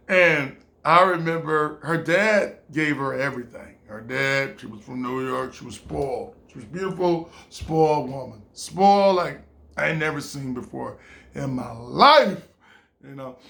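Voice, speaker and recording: A man's voice: on the high side, vocal fry, pushed and bright. A man in his twenties telling a casual personal anecdote, rambling, full of "like" and laughing often. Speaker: storyteller.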